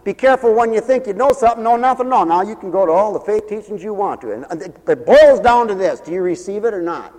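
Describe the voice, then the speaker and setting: High-voiced, folksy radio preacher man. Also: expressive, fast, hardly any pauses, a little mellow, in a large hall, rough recording. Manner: emphatic, folksy, acts out voices, chuckles. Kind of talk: radio sermon.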